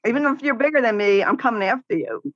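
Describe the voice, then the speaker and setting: A fast-talking middle-aged woman with a fairly high voice appears as a podcast guest, recorded with no echo and dull audio. She's outspoken and casual about caregiving, telling stories animatedly and laughing along the way.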